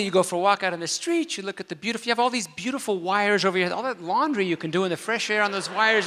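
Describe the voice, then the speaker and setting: Man, comic storyteller on stage, high and bright, hall reverb. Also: fast talker, few pauses. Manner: animated, comic storytelling with quoted voices. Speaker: speaker at a convention.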